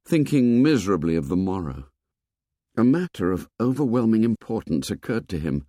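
Man reading a novel aloud, expressive, super dry close sound. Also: lowish voice, normal speed, no echo. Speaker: narrator. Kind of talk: audiobook narration.

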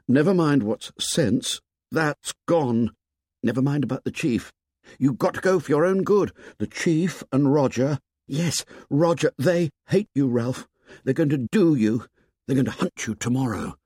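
A man voicing frightened boy twins who plead in hurried, lowered voices, in a storybook reading. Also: big pitch swings, a little mellow, breathy edge, dry recording, studio quality. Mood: urgent, fearful.

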